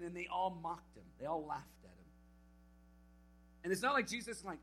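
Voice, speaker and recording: A young man giving a camp sermon to teenagers, telling a Bible story with lively acted-out quotes. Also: a little high, normal speed, pauses often, faint music behind, rough recording. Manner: animated storytelling, acting out quotes. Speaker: camp speaker. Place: camp meeting hall.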